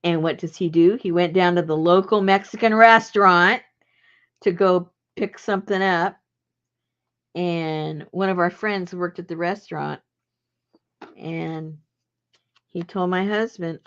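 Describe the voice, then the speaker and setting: A woman with a low, gravelly voice spins a long personal story in a loose, chatty way. She laughs often as she talks. The recording sounds dull and lo-fi. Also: normal speed. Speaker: journaling channel host. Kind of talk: casual storytelling.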